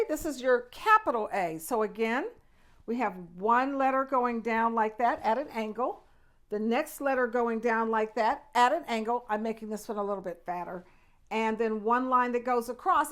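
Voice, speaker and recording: An older woman hosts a children's alphabet lesson with a bubbly, exaggerated, sing-song delivery. Her voice is high for a woman. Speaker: host, children's teacher.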